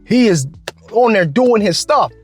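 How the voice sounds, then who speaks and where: A man vlogger telling a work story in a casual, slangy, animated way, with lots of restarts. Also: high-pitched, a little slow, slightly rough, faint music behind.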